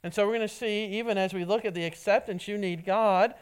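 Halting preacher, repeats words. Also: medium pitch, fairly even intonation, clean tone. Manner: halting, often repeats words when starting a phrase. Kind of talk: sermon.

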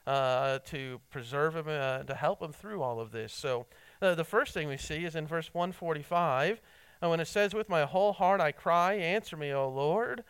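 A fairly high-voiced man preaching with earnest, stumbling intensity, restarting words again and again. His tone is smooth and clear, caught dry and close with no room sound. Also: no echo, rough recording. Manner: earnest, halting with many repeated words and fillers; rises in pitch and force when stressing a point, drops low and quiet when reflecting. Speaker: pastor. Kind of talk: sermon.

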